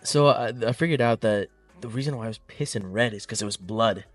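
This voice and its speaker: A man's voice: medium pitch, brisk, dry recording. Young guy on a chill podcast, swears casually, kinda far from the mic, faint music. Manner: laid-back storyteller, swears casually. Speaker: podcast co-host. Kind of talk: casual chat. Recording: slightly distant mic, dry room, faint music.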